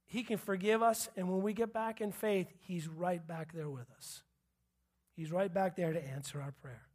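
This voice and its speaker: In an easygoing, chatty sermon, a preacher keeps checking in with his listeners and acts out the quotes of people in the story. His ordinary mid-pitched voice shifts freely between characters, with a somewhat dark, slightly rough tone at a moderate pace.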